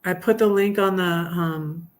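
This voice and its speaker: Middle-aged woman rambling on her poetry stream, lowish voice, lots of ums and restarts. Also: a little slow, a little hiss or hum. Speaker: livestream host reading poems. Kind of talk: casual livestream chat and poetry reading.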